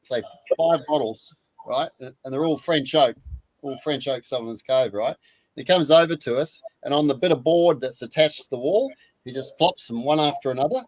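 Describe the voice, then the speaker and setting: An Australian man in his sixties telling a story in casual chat, lively and repeating his words as he goes. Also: mid-range voice, moderate pace, dry recording, rough recording. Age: 60s. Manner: animated anecdote teller, repeats words.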